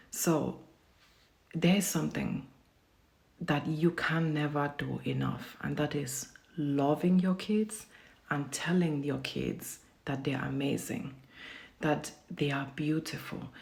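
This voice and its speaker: Low gravelly-voiced woman ranting bluntly. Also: a little mellow. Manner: blunt, profane, emphatic. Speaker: parent vlogger. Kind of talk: casual storytelling rant.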